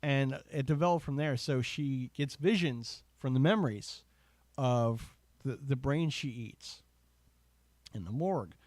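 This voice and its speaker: A man's voice: medium pitch, measured pace, a little mellow, no room sound. Rambling, chatty man with a dry sound. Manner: rambling, enthusiastic, full of fillers and asides. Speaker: podcast host. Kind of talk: casual chat.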